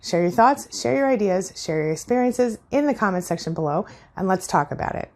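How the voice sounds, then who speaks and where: A woman's voice: mid-range voice, lively intonation, fairly quick, a little mellow, faint music behind. A woman hosting a self-help video, explaining things earnestly and directly to her viewers. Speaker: host. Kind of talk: explanatory commentary.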